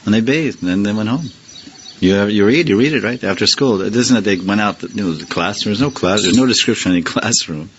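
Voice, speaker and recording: A man's voice: on the low side, fast, dull audio, a little hiss or hum. A man teaching a scripture class in a loose, conversational way, firing rhetorical questions at his listeners and chuckling now and then. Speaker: spiritual teacher.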